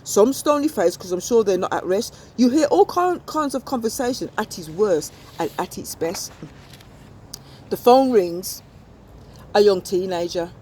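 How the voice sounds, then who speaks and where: A woman's voice: medium pitch, expressive, a little slow, mellow, slightly rough. A woman performing a wry spoken-word story, slipping into rhymes as she narrates.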